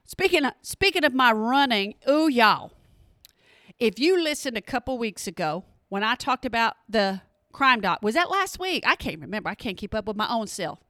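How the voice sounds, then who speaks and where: A woman hosting a podcast, telling stories in an animated, casual way and talking straight to her listeners. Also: a little high, normal speed, dry recording, clean studio sound. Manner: animated, talks to listeners directly, exclamations. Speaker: podcast host. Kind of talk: casual storytelling monologue.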